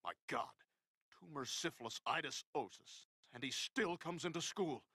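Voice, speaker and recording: An actor playing a gruff, short-tempered male schoolteacher in a cartoon, barking orders at his class. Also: fairly high pitch, moderate pace, pushed and bright, no echo, clean studio sound, exaggerated voice. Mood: exasperated. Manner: barking, exasperated. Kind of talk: animated sitcom dialogue.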